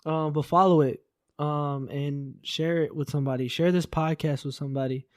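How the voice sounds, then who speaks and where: Young man, podcast co-host, high-pitched, teasing, rambling casual chat, dry recording. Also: steady tone, normal speed, a little mellow, no room sound.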